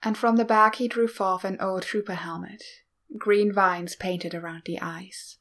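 A woman reading a story aloud in a calm, measured narration. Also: mid-range voice. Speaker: reader. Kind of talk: fan fiction read aloud.

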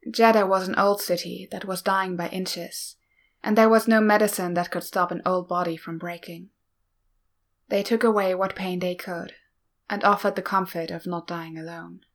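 A woman narrating a piece of fan fiction in a slow, even, subdued reading. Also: on the low side. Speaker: audiobook reader.

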